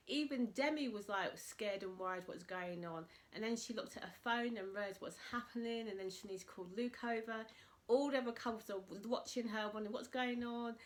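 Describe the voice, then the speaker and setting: A woman chatting to camera, recapping a reality show and retelling it with animated quotes. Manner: animated retelling, voices quotes in a high excited pitch. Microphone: camera mic, speaking to camera.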